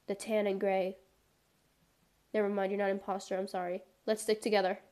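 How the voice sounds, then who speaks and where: In a warm, expressive mid-range voice at moderate speed, a young woman chats loosely while playing a game. She rambles with plenty of filler words and plays things up with mock-dramatic bursts.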